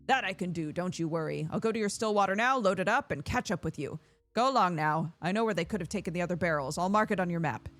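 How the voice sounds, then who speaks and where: A woman's voice: on the low side, fast talker, a bit bright, no echo, lightly acted. A woman reading a folksy, reassuring carrier man. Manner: homely, reassuring. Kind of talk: reading game dialogue aloud.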